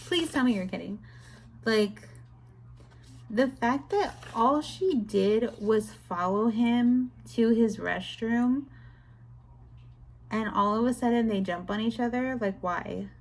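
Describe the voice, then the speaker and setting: Slow-talking young woman retelling a book. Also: a little high. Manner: animated, exasperated retelling with laughs. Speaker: book vlogger. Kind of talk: casual book review chat.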